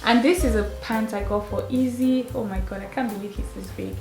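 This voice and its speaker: A woman's voice: fairly high pitch, fairly even intonation, brisk, darkish tone. A young mother, gushing and laughing as she chats through a kids' clothing haul at home. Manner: chatty and gushing, laughing often. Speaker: mother and vlogger. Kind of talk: casual clothing haul chat. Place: her home. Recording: roomy sound with faint music.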